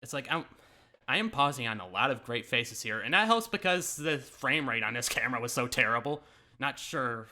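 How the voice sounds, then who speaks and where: A man's voice: mid-range voice, animated, normal speed, bright, forceful tone, slight background noise. A man YouTuber reacting to his own old videos in casual, self-mocking commentary, laughing often and swearing.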